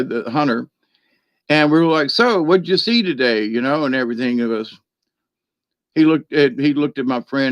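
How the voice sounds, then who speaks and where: A man telling a rambling personal story in a chatty way, laughing often and filling pauses with ums and restarts. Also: medium pitch, dry recording. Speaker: spiritual card reader. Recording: dry, dull lo-fi sound.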